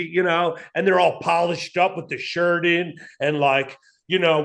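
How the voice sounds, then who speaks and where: Brief: man, comedian guest, lively storyteller who voices the people in his stories, pitched a bit high. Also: moderate pace, gravelly. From Atlantic City, New Jersey. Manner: animated, acts out quoted dialogue in his stories. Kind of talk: casual storytelling chat.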